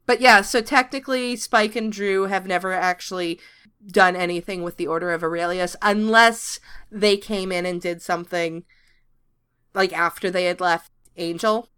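Woman, 30s, podcast co-host; casual, bright, quick to laugh and curse. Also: lowish voice, steady tone, smooth. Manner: laughing, swears freely. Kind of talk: casual chat.

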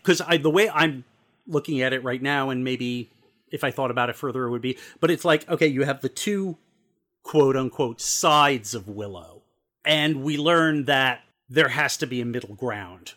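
A man's voice: medium pitch, a bit bright. A man co-hosting a podcast, chatting about a TV show and often repeating words as he gets his sentences going. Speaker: podcast co-host. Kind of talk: casual discussion of a TV episode.

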